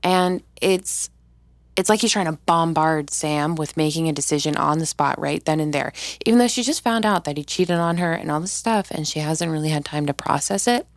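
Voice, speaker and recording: A woman hosting a casual recap video, talking in an animated, blunt and profane way. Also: low voice, normal speed, no room sound. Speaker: video host.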